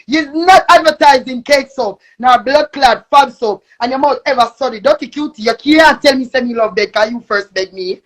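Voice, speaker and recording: A young Jamaican woman with a high voice. She rants on a live stream, cursing and repeating herself, and often breaks into shouting. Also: moderate pace, few pauses. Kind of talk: angry live-stream rant.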